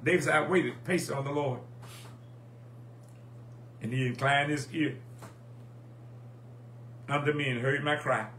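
A man's voice: mid-range voice, fairly even intonation, unhurried, pauses often, a bit bright. A man preaching a sermon in a rhythmic, repeating call-and-response style, recorded in an echoey church with a faint hum. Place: church sanctuary.

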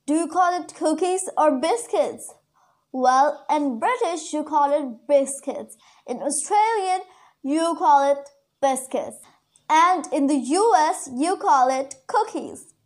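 Woman teacher w/ a high voice, slow and chatty, urdu is her first language, says words over again for learners. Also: darkish tone. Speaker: English teacher. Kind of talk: casual online lesson.

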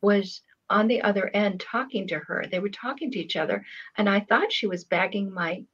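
A woman's voice: medium pitch, moderate pace, slightly rough, highs cut off. An older woman in casual conversation, telling stories with hesitant restarts and fillers. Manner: rambling, hesitant storyteller. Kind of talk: casual chat.

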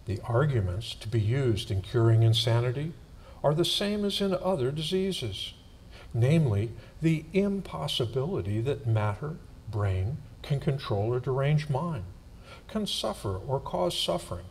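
A man reading religious texts aloud at a church service, slow and solemn. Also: medium pitch, very animated, a little mellow, slight background noise.

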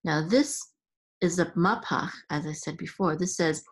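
A woman's voice: on the low side, a little slow, breathy edge. A woman hosting a reading lesson, patiently sounding out letters and syllables one at a time. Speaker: Hebrew reading teacher and podcast host.

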